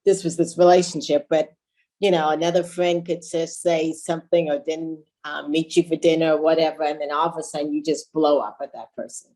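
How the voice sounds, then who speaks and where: A woman co-hosting a podcast, thinking aloud in a halting way and restarting her sentences. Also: low voice, steady tone, warm tone, poor audio. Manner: thoughtful, halting, restarts mid-thought. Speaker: podcast co-host. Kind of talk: conversational podcast chat.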